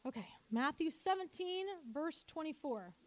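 A woman preaching a sermon, animated and calling on her congregation to answer back. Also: high-pitched, unhurried. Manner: animated, calls for congregation responses. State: coughing, choked up.

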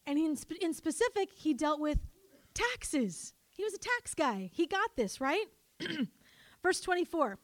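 High-voiced woman preaching a lively sermon. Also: unhurried, no room sound. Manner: animated, calls for congregation responses. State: coughing, choked up.

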